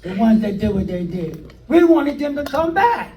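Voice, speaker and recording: Older man, high voice, roomy distant sound. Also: normal speed. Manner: animated, acts out quoted dialogue with hesitant fillers. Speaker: interviewee recounting his past. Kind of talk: documentary storytelling interview. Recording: roomy sound from a distant mic, faint noise.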